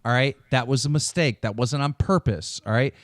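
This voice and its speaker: A man's voice: medium pitch, normal speed, no room sound, studio quality. A man arguing heatedly on a podcast, emphatic and swearing, repeating himself when he is pressed. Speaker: podcast host.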